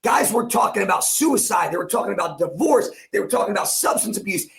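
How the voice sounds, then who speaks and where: This podcast guest, a coach in his forties from New Jersey, speaks fast and expressively in a high, gravelly, fairly bright voice. Telling an emotional story from his life, he grows intense and repetitive, acting out each line he quotes.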